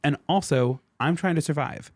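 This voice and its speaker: A man co-hosting a podcast, casually explaining history in an animated, sarcastic way, swearing freely and acting out the people he quotes. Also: fairly high pitch, normal speed, no room sound, studio quality.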